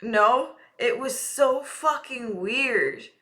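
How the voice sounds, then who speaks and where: Girl streamer ranting at chat, bright sharp voice, swears a ton. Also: a little high, lively intonation, drawn-out words. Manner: profane, ranting, chatty. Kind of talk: casual live-stream chat.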